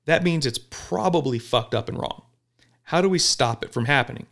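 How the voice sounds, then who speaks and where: A police officer talking bluntly and profanely in a casual podcast chat, telling animated stories. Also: male voice, medium pitch, normal speed. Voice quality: gravelly.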